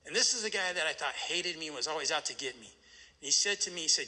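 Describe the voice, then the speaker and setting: A middle-aged man with a fairly high, very bright voice talks quickly through a personal recovery story. He acts out the people in it and tags each turn with "right?". His voice carries a long reverb, as if recorded in a large hall. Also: lively intonation. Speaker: recovery meeting speaker. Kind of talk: personal recovery story told to a live audience. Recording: echoey hall.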